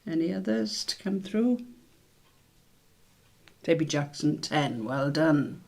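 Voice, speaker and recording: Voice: mid-range voice, animated, slow pace, gravelly, a little mellow. A quiz host who chats casually from home and laughs often between the scores and questions. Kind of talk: casual online quiz hosting.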